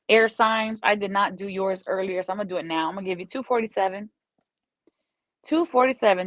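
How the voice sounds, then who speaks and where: A woman giving a chatty, animated live-streamed tarot reading as a psychic reader. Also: mid-range voice, no echo, rough recording.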